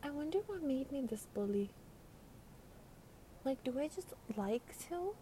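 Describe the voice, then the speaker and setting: A woman's voice: high voice, big pitch swings, unhurried, dark tone, slight background noise. Rambling slangy young woman, congested. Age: teens. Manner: rambling, slangy, swearing, giggly. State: congested from a cold. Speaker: podcast host. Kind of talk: casual late-night monologue. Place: by a window at night.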